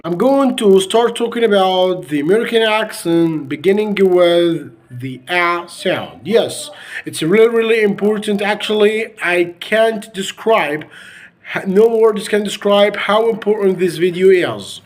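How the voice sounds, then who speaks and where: A man with an Egyptian accent teaches English pronunciation online, Arabic being his first language. His voice sits high and swings widely in pitch. He talks slowly, stressing each word and repeating examples for his students. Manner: slow, emphatic, repeating words for drill.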